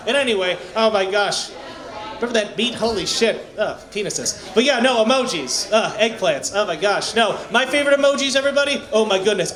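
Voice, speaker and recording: A male stand-up comedian at an open mic, rambling and self-mocking with loud crowd banter. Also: high-pitched, fast. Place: small comedy venue, echoey room. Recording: echoey room.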